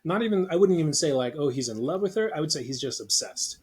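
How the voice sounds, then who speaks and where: Husky man joking through a movie chat. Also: fairly high pitch, animated, fast, darkish tone. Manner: joking, rambling, laughs often. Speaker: podcast co-host. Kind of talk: casual movie discussion.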